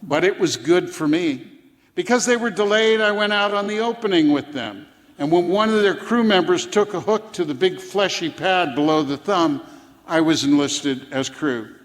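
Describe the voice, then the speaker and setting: A man's voice: high-pitched, animated, normal speed. A man reading his own prose story aloud on stage as a fisher poet, telling it in a dry manner with brief chuckles. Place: theater stage. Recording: live theater with long reverb.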